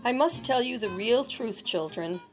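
A woman narrating a storybook tale in a measured, expressive reading voice. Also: on the high side, over loud music.

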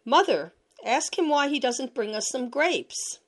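A mischievous little boy pipes up in a storybook tale, higher than an everyday voice and full of questions, voiced by a woman narrator. He sounds plaintive and a little scared. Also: animated, a little slow. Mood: asking.

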